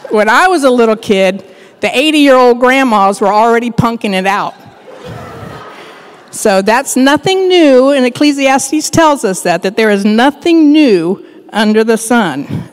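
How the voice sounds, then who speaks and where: A woman's voice: fairly high pitch, long reverb tail. An older woman preaching as a guest speaker, telling stories with humor and asides. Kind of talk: sermon. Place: church sanctuary.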